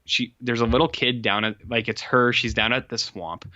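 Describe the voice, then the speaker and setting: A man's voice: medium pitch, steady tone, normal speed, bright, forceful tone, dry recording, lo-fi sound. A man co-hosting a podcast, casually recapping a film in a rambling way, full of likes and uhs. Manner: rambling, filler-heavy storytelling. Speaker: podcast co-host. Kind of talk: casual movie recap chat.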